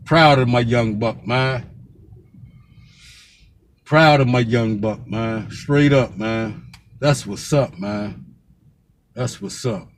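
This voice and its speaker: A man's voice: medium pitch, slow pace, long pauses, a little hiss or hum. A man from Pennsylvania giving a fiery, profane street vlog rant as a local commentator, with the same curse repeated throughout.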